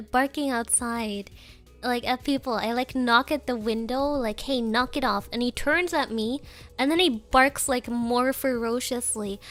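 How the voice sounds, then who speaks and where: High-voiced giggly woman streamer. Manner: giggly, rambling storytelling with Japanese fillers. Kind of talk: casual chat with viewers.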